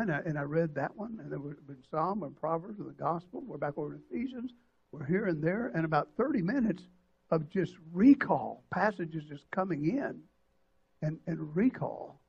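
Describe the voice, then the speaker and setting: An older pastor tells a story from the pulpit, his husky voice running a little high. He stops and restarts often and acts out the people in it with feeling. The church recording sounds dull and lo-fi. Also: a little mellow. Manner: emotional, halting storytelling with many restarts and acted quotes. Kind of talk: sermon storytelling. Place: church sanctuary.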